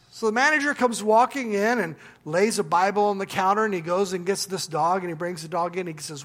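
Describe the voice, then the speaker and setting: A man preaching as pastor, in a relaxed storytelling manner with restarts and asides. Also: sits high, fast, hardly any pauses. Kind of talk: sermon with a told joke. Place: church.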